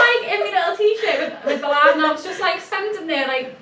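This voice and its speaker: Brief: bubbly woman in her twenties, high-pitched, distant and roomy sound. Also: moderate pace. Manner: animated, laughs often, lots of fillers. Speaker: podcast co-host. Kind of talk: casual chat, storytelling. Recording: echoey room, far from mic, faint noise.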